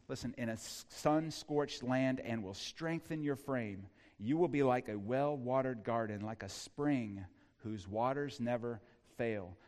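Emphatic male preacher in a reverberant hall. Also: mid-range voice. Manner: emphatic, repeats key lines, calls for congregation response. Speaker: pastor. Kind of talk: sermon.

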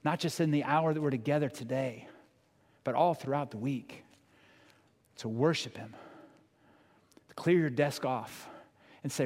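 A man's voice: mid-range voice, unhurried, long pauses, a little mellow. A male pastor preaching a sermon in an earnest, conversational way, asking the congregation questions. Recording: long church hall reverb.

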